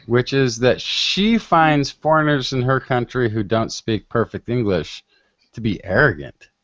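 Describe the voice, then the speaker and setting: An American man who hosts a podcast, arguing in a lively, animated way and cutting in often. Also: medium pitch, dry recording. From United States. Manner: animated, argumentative, interrupting. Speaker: podcast host. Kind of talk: lively debate. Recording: dull lo-fi dry sound.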